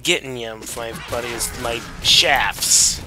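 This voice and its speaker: A man's voice: mid-range voice, slow pace, over music. A young man casually commenting on his gameplay, chatty and joking. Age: young adult. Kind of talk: casual let's play commentary.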